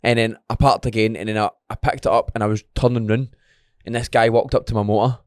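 A Glaswegian man, a podcast guest, telling stories in animated, sweary casual chat. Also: lowish voice, fast talker, no room sound, studio quality.

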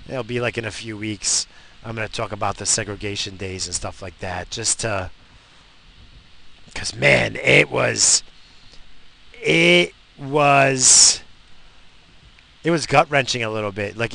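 A man's voice: mid-range voice, steady tone, moderate pace, vocal fry, bright, forceful tone. A man in a car, talking while he drives, in a crude, profane, rambling monologue.

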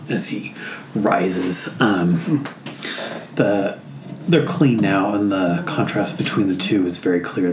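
A man playing a tabletop role-play game, describing his character's actions with many pauses and fillers. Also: deep voice. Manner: hesitant, many ums and "kind of". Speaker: player. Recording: echoey room with background noise.

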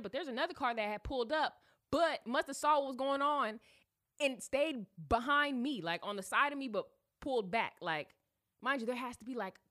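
A woman hosting a podcast, telling a story in a casual, slangy way and acting out voices as she goes. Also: fairly high pitch. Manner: animated, slangy, acts out voices. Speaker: podcast host.

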